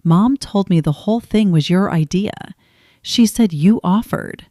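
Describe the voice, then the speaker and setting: A woman voicing a young adult younger sister who talks in a gushing, defensive rush, pitched above her usual voice. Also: unhurried, dark tone, no room sound, clean studio sound, close to an everyday voice.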